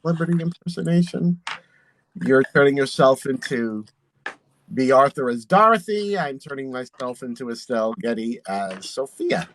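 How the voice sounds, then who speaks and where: A man's voice: medium pitch, lively intonation, moderate pace, slight background noise, poor audio. A man, a drag performer and channel host, chatting casually while doing makeup and laughing often.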